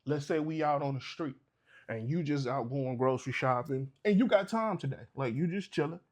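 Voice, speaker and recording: A man's voice: a little high, moderate pace, a little mellow. A man, talking casually to camera and giving advice, sometimes acting out short exchanges. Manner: conversational, preachy, acts out little exchanges. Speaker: vlogger.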